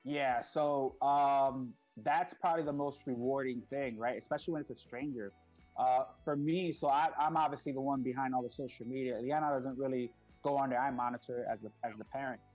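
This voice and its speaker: A middle-aged man tells stories as a guest on an interview show. He is animated and acts out other people's voices, with plenty of fillers. The audio is a little dull and lo-fi, with faint music underneath. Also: medium pitch, fairly quick. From United States. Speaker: guest, parent behind a kids' YouTube channel. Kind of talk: casual interview storytelling.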